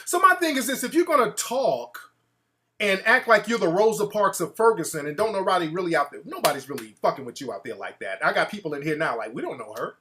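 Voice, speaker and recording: A man hosting a talk show, ranting in an animated, mocking way and putting on voices to quote people. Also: high voice, fast talker. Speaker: show host. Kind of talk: casual talk-show rant.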